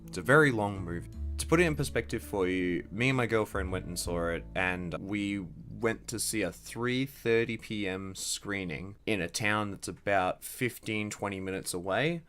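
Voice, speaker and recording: Young guy ranting a movie review at his computer, lowish voice, swears a lot, keeps restarting. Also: normal speed, hardly any pauses, a bit bright, faint music behind. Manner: rambling, profane, full of restarts. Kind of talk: casual movie review vlog. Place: at home computer.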